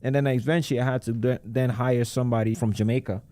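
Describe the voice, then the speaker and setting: A fast, punchy man telling his story as a podcast guest, animated and emphatic, with lots of slang. His voice sits in a middle pitch, and the sound is close and dead dry with no room in it. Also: dry recording. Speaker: credit repair business owner, guest. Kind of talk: casual podcast conversation.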